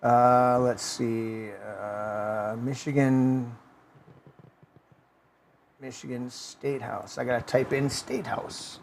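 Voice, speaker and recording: Male podcast host, average pitch, easygoing, with faint background noise. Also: level tone, slow, vocal fry. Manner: loose and chatty, laughs easily, lots of "uh" while clicking around. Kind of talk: casual chat.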